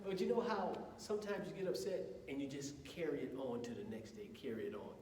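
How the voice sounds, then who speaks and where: Animated man teaching in a roomy hall. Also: fairly high pitch, fast, recorded from a distance. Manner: animated storyteller with a laugh in his voice. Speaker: co-presenter of a couples session. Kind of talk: teaching through anecdotes.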